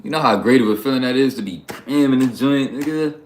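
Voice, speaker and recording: A man's voice: mid-range voice, a little fast, a little mellow, a little hiss or hum. A man from New York hosting a livestream, talking bluntly and profanely in a rambling, casual way. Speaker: livestream host.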